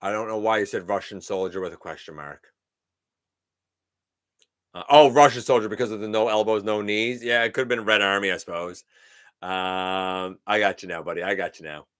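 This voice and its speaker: A man's voice: on the low side, moderate pace, long pauses, clear, resonant tone. A middle-aged man hosting a live stream, chatting casually and greeting viewers by name. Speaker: host of a live toy-collecting show.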